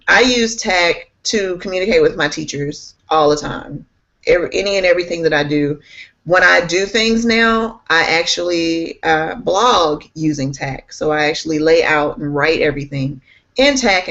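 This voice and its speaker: Bubbly and enthusiastic, a woman speaks as an instructional technology specialist in a casual interview, laughing often. Her voice is low-pitched and a bit bright, at normal speed, and the audio is slightly muffled and lo-fi.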